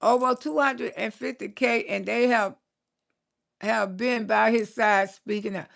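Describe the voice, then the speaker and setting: A woman in her late sixties talks to her live-stream viewers in a high, gravelly voice with a bright, sharp edge. She is blunt and salty, tells stories at a quick clip, laughs often and scolds with relish. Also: fairly even intonation. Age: 60s. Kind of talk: casual live-stream chat reading viewer comments.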